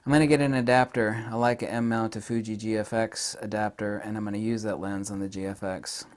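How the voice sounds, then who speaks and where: A man's voice: on the low side, a little fast. Gushing man reviewing a lens. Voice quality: gushing, excitable, rambling with giggly asides. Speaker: camera gear reviewer. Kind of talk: rambling product review.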